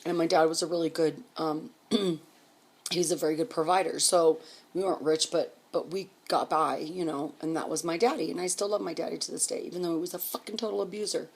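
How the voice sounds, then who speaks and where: A woman casually telling a personal story, blunt and full of swearing, clearing her throat now and then. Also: fairly low pitch, steady tone, fairly quick. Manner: blunt, profane, candid.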